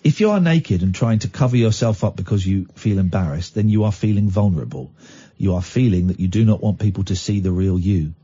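A man's voice: low voice, expressive, brisk, warm tone, breathy edge. A man hosting a casual radio chat show, teasing and sarcastic, telling stories with lots of animation. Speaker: radio host. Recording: dull lo-fi radio sound.

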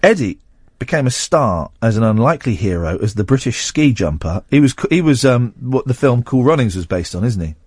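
Lively-voiced male radio host, teasing. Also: medium pitch, brisk, slightly rough, dry recording, clean studio sound. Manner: teasing, mock-outraged rants. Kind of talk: casual on-air banter.

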